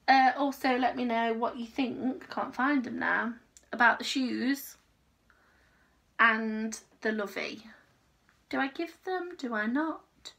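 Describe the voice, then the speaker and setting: Chatty woman vlogger, bright higher voice, rambling home chat. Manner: rambling, chatty, talks to her dog. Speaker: crochet vlogger. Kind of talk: casual chat.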